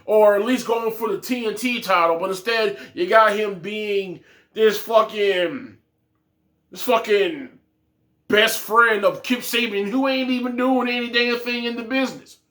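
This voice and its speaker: A man's voice: very high voice, fairly even intonation, moderate pace, fairly bright tone. A man hosting a casual wrestling review who rants bluntly with heavy cursing. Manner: blunt, profane, ranting. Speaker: wrestling podcast host.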